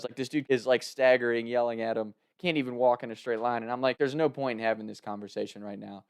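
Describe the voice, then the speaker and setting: A young man casually telling a wild story, animated, laughing and shouting out the lines he quotes. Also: medium pitch, fast talker, hardly any pauses, clean tone.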